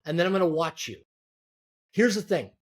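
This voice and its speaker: High-voiced man giving emphatic advice. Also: lively intonation. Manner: emphatic, repeats words and restarts, lists in quick series. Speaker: guest entrepreneur. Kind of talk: podcast interview, motivational advice.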